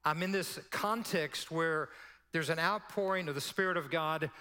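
A man, preaching a sermon as pastor and telling stories in an animated way. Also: a little high, big-room sound. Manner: storytelling, animated, drops to a hush for quoted prayer.

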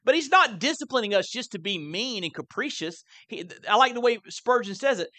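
Bright high-pitched preaching man. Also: expressive, a little fast, hardly any pauses. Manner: earnest preaching, voice rising on quoted scripture. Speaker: pastor. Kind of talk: sermon. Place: church sanctuary.

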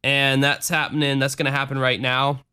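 A man hosting a podcast, talking in a dry, sarcastic deadpan with rambling restarts. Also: medium pitch, moderate pace, clear, resonant tone. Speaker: podcast host. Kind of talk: casual podcast monologue.

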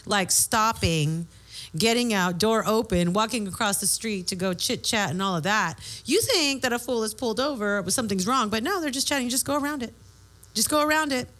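A woman's voice: mid-range voice, normal speed, a bit bright. A woman co-hosting a podcast in casual chat, talkative, laughing easily and swearing casually. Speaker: podcast co-host. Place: bar.

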